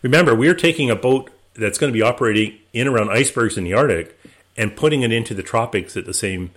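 A man, guest of an interview, telling his voyage stories in a relaxed, anecdotal way with many restarts. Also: medium pitch, quick pace. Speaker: interview guest, expedition skipper. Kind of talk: relaxed storytelling.

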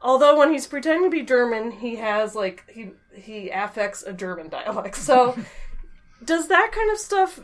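A woman's voice: a little high, big pitch swings, normal speed. A woman hosting a podcast, asking questions in a chatty way and laughing easily. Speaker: podcast host. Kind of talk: podcast interview.

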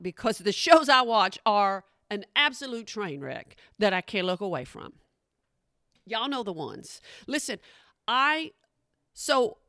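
A woman's voice: on the high side, a bit bright, no room sound, studio quality. A woman doing a stand-up comedy routine, chatty and calling her audience y'all. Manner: chatty, addresses the crowd as y'all. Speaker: stand-up comic.

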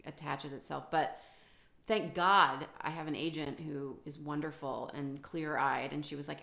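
A woman's voice: deep voice, fairly even intonation, measured pace, creaky, sharp tone. A woman author talking casually in a podcast conversation, chatty and self-deprecating, with many restarts and fillers. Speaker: author guest.

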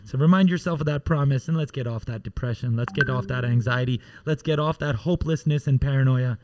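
A man who teaches Quran recitation, chanting verses in long melodic lines and then explaining them softly. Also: medium pitch, a little hiss or hum. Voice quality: melodic, drawn-out chanting alternating with hushed explanation.

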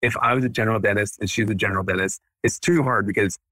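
A man in his thirties, a dentist and practice owner, chatting as a guest on a podcast in an energetic, animated way. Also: lowish voice, fast talker, no room sound. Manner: energetic, animated, acts out quotes. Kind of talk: casual podcast interview.

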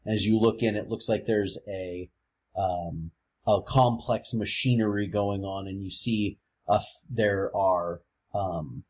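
A man runs a tabletop game, describing scenes in a low register. His voice is husky, and he talks hesitantly, stopping and restarting his sentences. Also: fairly even intonation, slow pace, a little mellow. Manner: hesitant, with many fillers and restarts. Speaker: game master.

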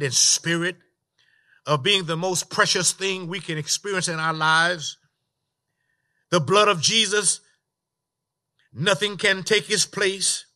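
A middle-aged man preaching a sermon with impassioned, repetitive cadence, swinging from loud declarations to hushed lines. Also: sits high.

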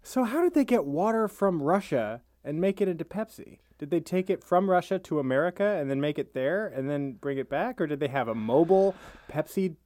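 A man's voice: on the high side, expressive, brisk, a little mellow, dry recording. A man co-hosting a comedic podcast, answering the story with wry, sarcastic quips. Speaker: podcast co-host reacting. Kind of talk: casual comedic podcast chat.

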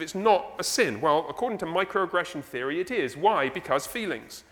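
A man with an English accent preaching a sermon as pastor, animated and conversational, full of rhetorical questions. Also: sits high, in a large hall. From England. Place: church sanctuary.

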